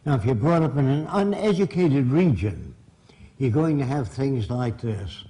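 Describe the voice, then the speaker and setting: Older man, blunt lecturer to a live audience, mellow tone, plain-spoken. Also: medium pitch, expressive, normal speed, low-quality recording. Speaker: seminar speaker. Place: seminar room.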